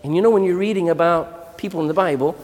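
A man preaching a sermon to children, animated and asking them questions. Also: high voice, fast. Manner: animated, asks the audience questions. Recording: long hall reverb.

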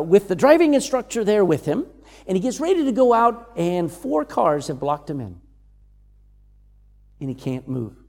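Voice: mid-range voice, darkish tone, in a large hall. A preacher giving a sermon, reading verses aloud and acting out the voices of the people quoted. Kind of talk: sermon teaching on scripture.

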